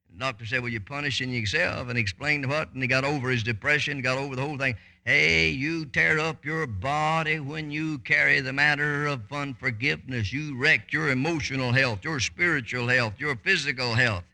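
A man preaching a sermon, fervent, with sudden loud high bursts and quick asides. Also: vocal fry.

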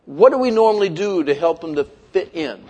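A man in his fifties preaching a lively sermon, leading the congregation in call-and-response and acting out kids' complaints. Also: sits high, fairly quick. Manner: animated, playful, acts out kids' voices. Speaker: pastor.

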